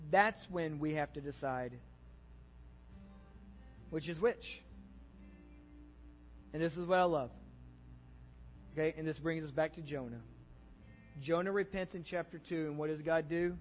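A man's voice: a little high, normal speed, pauses often, in a large hall, lo-fi sound, faint music behind. A man with a Texan accent preaching a sermon as pastor, earnest and conversational, rising in intensity.

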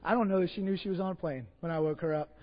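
A man with a Texas accent, a pastor telling a story in a sermon, animated, swinging between hushed asides and loud bursts. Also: high voice, rapid-fire. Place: church sanctuary. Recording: dull, lo-fi church hall recording with long reverb.

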